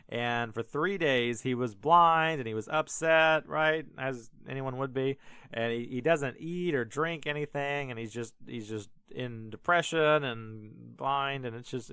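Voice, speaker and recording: A man hosting a casual podcast retells a Bible story in a loose, filler-heavy way, tossing in jokes as he goes. His voice is smooth and clear. It is recorded close in a dry space. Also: mid-range voice, fairly bright tone, dry recording. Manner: rambling, filler-heavy, joking asides. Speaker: podcast host.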